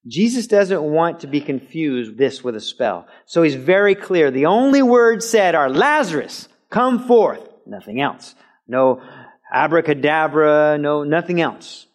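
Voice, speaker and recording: A man preaching in a church sanctuary, teaching in a conversational way and breaking into loud shouted quotes now and then. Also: fairly high pitch, animated, a little slow. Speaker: pastor. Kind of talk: sermon. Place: church sanctuary with a mic system.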